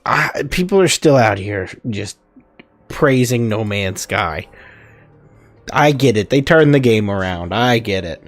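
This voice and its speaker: A man's voice: fairly low pitch, expressive, a little slow, soft background music. Chatty man rambling over gameplay. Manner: rambling, chatty, self-correcting. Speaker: gaming video host. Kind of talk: casual let's-play commentary.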